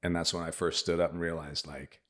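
A man's voice: sits low, brisk. A middle-aged man, a podcast guest, telling a long story in casual chat and acting out what other people said. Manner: animated anecdote teller, acts out other people's lines.

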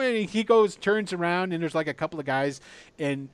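A man narrating as game master and voicing the townsfolk, laughing often and dropping into low asides. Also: animated, moderate pace, clear, resonant tone. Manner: laughs often, drops to a mumble when describing.

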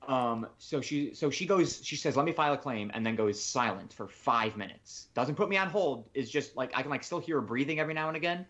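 A man's voice: medium pitch, expressive, brisk, few pauses, a bit bright. Man telling a long story. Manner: rambling storytelling, quoting others on the phone. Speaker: podcast co-host. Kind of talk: casual chat.

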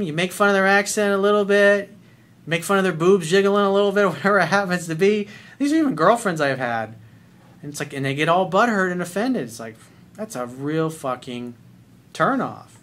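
Profane middle-aged male dating coach, blunt and animated, fairly high voice. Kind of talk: advice monologue.

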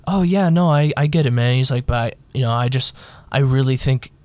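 A man's voice: mid-range voice, a little fast, darkish tone, no echo. Easygoing man telling a story. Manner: easygoing, retells conversations. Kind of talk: casual chat.

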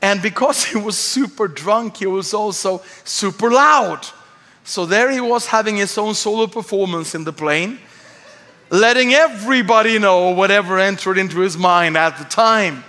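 A Swedish-accented male pastor tells a lively, self-mocking story from the pulpit. His voice sits high and bright. The sound carries the long reverb of a large church hall. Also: normal speed. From Sweden. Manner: animated, self-mocking humor, acts out voices. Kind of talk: storytelling sermon.

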